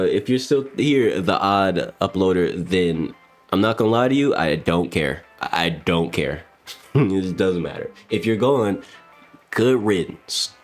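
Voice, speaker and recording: Man, very deep voice, game streamer, loose profane rambling, quiet music underneath. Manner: rambling, profane, talks to chat. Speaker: livestream gamer host. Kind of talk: casual stream chat.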